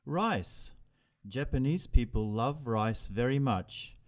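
A man voicing friendly boys from France, Japan and Germany, speaking clearly in a scripted language-lesson dialogue. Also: mid-range voice, expressive, slow.

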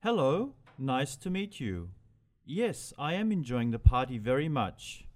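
A man voicing friendly boys from France, Japan and Germany, speaking clearly in a scripted language-lesson dialogue. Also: mid-range voice, very animated, unhurried, a little mellow.

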